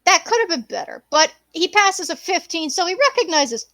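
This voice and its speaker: A woman's voice: very high voice, very animated, moderate pace, a bit bright, no echo. A woman narrating a tabletop game as game master, describing scenes in a playful way.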